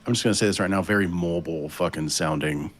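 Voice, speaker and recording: A man's voice: low-pitched, fast. A man co-hosting a gaming podcast, talking casually with swearing and restarts. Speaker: podcast co-host.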